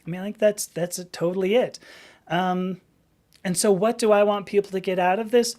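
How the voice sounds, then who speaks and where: A woman's voice: medium pitch, fairly even intonation, normal speed, a little mellow. Chatty rambling woman in her fifties. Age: 50s. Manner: rambling, chatty, laughs often, many restarts. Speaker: livestream host. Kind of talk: casual live-stream chat.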